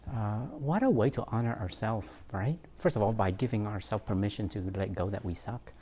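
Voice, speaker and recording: A man's voice: lowish voice, a little fast, dark tone, slight background noise. A man, a therapist, giving an informal talk on parenting, reflective and self-mocking, with frequent fillers and laughs.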